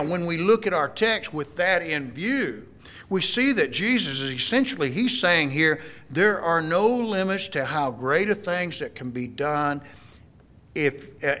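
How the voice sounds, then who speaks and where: A man's voice: on the high side, bright, forceful tone. A man preaching a sermon, explaining the text earnestly and often repeating himself as he works through a point.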